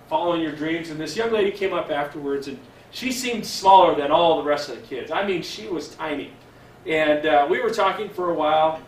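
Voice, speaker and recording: A middle-aged man with a somewhat high voice tells a story to a church audience in an earnest, halting way. His voice rings through a roomy hall from a mic set well back. Faint hiss sits under the recording. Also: far from the mic. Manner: earnest storyteller, drops to a hush for quoted speech; halting fillers and restarts. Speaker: chaplain.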